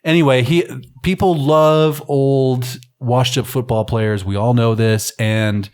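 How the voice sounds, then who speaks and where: A man's voice: medium pitch, fairly even intonation, measured pace, darkish tone, smooth. A man hosting a film podcast, giving casual, wry and rambling commentary. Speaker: podcast host.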